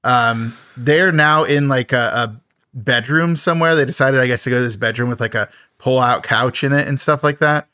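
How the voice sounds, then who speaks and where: A man talks through a film's plot on a podcast, loose and rambling, with lots of fillers and wry asides. His voice sits in a middle pitch. The sound is dry and close to the mic. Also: normal speed, pushed and bright, clear, resonant tone, no room sound. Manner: rambling, filler-heavy, laughs at the film. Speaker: podcast host. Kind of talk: casual film recap.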